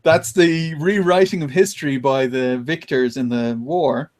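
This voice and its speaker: Animated man, slightly high voice. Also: measured pace. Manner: animated retelling with laughs. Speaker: podcast host. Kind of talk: casual chat.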